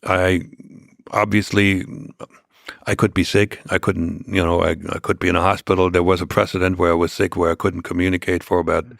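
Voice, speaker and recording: Older man, deep gravelly voice, halting storyteller, dry close sound. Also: little pitch movement, a bit bright, no room sound. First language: German. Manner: halting, many restarts and fillers. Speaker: interview guest. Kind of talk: storytelling in an interview.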